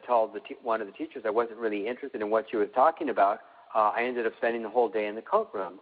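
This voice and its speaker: A middle-aged man explains emotional healing to a live online class, calm and instructive, leaning on repetition to drive points home. His voice is a little husky and comes through a narrow, tinny line like a phone call. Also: lowish voice.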